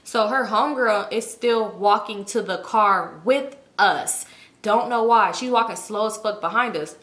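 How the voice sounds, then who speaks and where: A woman in her thirties telling a storytime to her viewers, casual and profane, her pitch jumping up as she gets worked up. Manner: profane, animated retelling with quick jumps up in pitch. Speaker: storytime vlogger. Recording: echoey room.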